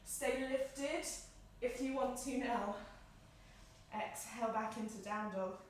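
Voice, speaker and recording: A woman leading a home yoga class, giving calm, encouraging cues in time with the breath, a little out of breath. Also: on the high side, takes it slowly, a little hiss or hum. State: slightly out of breath. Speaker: yoga instructor. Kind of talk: guided yoga class instruction. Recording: echoey room, mic at a distance.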